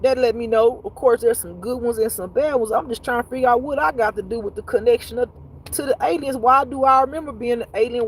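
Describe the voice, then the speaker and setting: A woman with a husky, slightly breathy voice speaks as a spiritual teacher on a casual livestream. She tells her stories in an animated, profane way and talks straight to the people watching. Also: high voice, rough recording. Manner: animated, profane storytelling with frequent laughs; talks straight to viewers, reads comments aloud.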